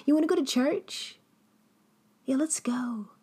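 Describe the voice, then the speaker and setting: A woman voicing a gushing, fake-sympathetic female friend who talks high, breathy and overly sweet. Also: measured pace, mellow. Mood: sugary.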